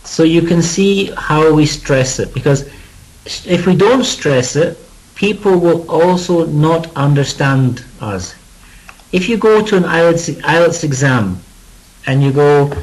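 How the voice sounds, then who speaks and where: A British man gives a pronunciation lesson, modeling each word clearly so his students can echo it. His voice sits a touch higher than most men's, and he keeps the lesson conversational with joking asides. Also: expressive, takes it slowly. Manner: demonstrative, leads students through word repetition. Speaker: English teacher.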